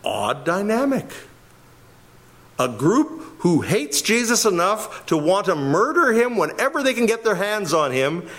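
Lively, animated male Bible teacher. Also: sits high, unhurried. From Winnipeg, Canada. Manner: animated, emphatic, chuckles often. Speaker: pastor.

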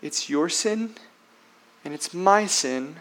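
Man, pastor, sermon, high-pitched, slow, emphatic, rhetorical questions. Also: lively intonation. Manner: emphatic preaching, swinging between loud and hushed.

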